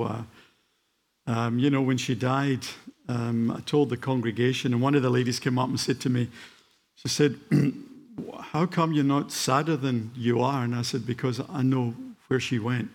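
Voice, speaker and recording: An older man from Scotland, his voice mid-range with a faint Scottish accent, preaches as a guest in a church. He halts with fillers at first, then rises to fervent emphasis.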